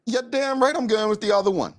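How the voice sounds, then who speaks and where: A man's voice: sits high, quick pace. A Bermudian man hosting a talk show, speaking in an emphatic, opinionated, casual way from a studio.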